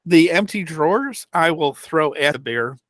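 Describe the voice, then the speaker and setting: A man playing a tabletop game, thinking aloud in halting phrases as he describes what he does. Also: fairly high pitch, animated, a bit bright. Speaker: player. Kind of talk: casual tabletop game talk.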